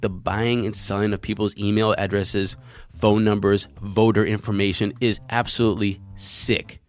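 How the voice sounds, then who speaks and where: Low-voiced man hosting crypto news. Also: level tone, moderate pace. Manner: conversational, reading articles aloud then giving opinions. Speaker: news show host.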